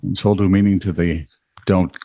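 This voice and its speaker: A man's voice: sits low, little pitch movement, brisk, warm tone, no room sound. A man co-hosting a comedic news podcast, reading strange headlines with wry asides in a casual chat. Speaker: podcast co-host.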